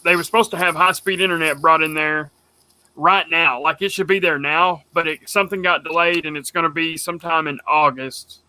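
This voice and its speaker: A man co-hosting a casual podcast chat, rambling and animated as he tells stories. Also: on the high side, fairly quick, clear, resonant tone, dry recording. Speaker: podcast co-host.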